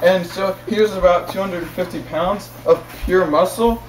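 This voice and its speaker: A man's voice: high-pitched, fairly even intonation, moderate pace. A young man telling a casual story in a rambling, repetitive way, chuckling as he talks. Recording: echoey room, far from mic, faint noise.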